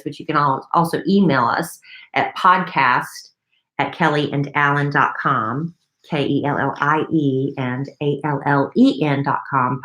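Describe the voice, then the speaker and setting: Chatty woman, low voice, echoey room. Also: a bit bright. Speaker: podcast co-host. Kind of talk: casual chat, reading listener mail.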